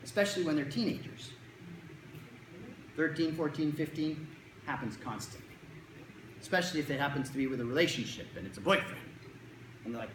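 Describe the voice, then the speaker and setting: A speaker at a middle pitch gives a talk to parents about anxious children. The speaker keeps slipping into quick put-on kid and parent voices to act out scenes. The sound is roomy, with echo from the hall and faint noise behind. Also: animated. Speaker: child anxiety clinician giving a talk to parents. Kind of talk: talk to a live audience.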